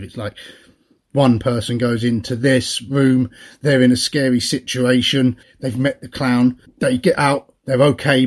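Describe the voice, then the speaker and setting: A chatty man co-hosting a podcast, his voice a little husky. He rambles along in casual talk, laughing easily and often. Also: mid-range voice, a little mellow. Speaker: podcast co-host. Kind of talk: casual chat.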